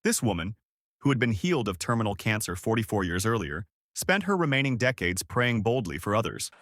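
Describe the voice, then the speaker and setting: Lively, earnest male narrator, dry sound. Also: on the low side, brisk, no room sound. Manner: earnest and polished. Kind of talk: scripted voice-over narration.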